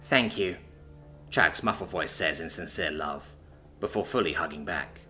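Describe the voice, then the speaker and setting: A man narrating a sci-fi story aloud, in steady narration tags between character voices. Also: very deep voice, moderate pace, soft background music. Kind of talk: audiobook narration.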